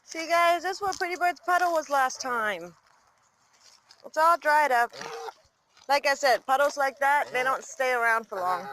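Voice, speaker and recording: A woman's voice: high-pitched, lively intonation, a little slow, pushed and bright, slight background noise, poor audio. A woman vlogging outdoors with her pet goose, chatting to viewers and talking baby talk to the bird. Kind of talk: casual vlog narration. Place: outdoors in a yard.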